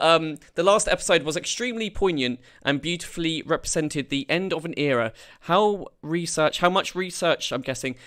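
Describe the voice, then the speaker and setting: A man hosting a live panel, reading out viewer questions and donations in a halting way. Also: a little high, fairly bright tone, clear, resonant tone. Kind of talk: live-stream moderating.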